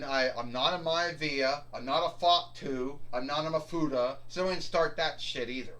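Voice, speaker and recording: Bitter male wrestler, ranting and defensive, slightly high voice, put on by a man. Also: fairly bright tone. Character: angry male wrestler sick of losing.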